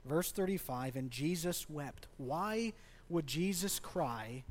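A man's voice: a little high, expressive, slow. A man preaching a sermon as a pastor in a church, speaking conversationally and asking the congregation questions. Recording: long reverb of a large hall.

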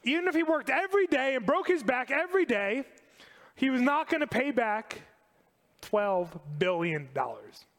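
A man preaching a sermon to a congregation, animated and emphatic, repeating key phrases. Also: extremely high pitch, moderate pace, in a large hall. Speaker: pastor.

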